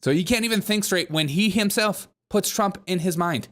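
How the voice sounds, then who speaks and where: A man's voice: high-pitched, moderate pace, fairly bright tone. A man hosting a comedy news commentary show, talking sarcastically and mocking the people he discusses. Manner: sarcastic, mocking, puts on whiny quoted voices.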